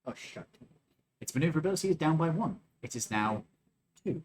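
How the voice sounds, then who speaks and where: A man's voice: on the high side, expressive, fairly quick, a little mellow, slight background noise. A man narrating as game master of a live-streamed tabletop game, explaining rolls and describing actions.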